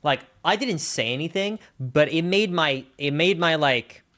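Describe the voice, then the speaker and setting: Rambling man, animated storyteller. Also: fairly high pitch, unhurried. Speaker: streamer. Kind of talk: casual chat while gaming.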